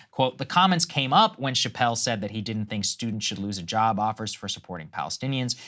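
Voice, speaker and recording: Guy cohosting a politics show, bright punchy voice, reads out reports then riffs. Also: medium pitch. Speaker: co-host. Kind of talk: political news commentary.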